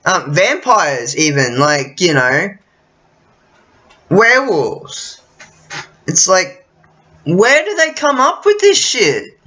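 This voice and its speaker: A man's voice: sits high, very animated, slow, pauses often, bright, forceful tone. A man rambling casually to camera, often losing his thread and swearing freely. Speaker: vlogger. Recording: dull lo-fi recording.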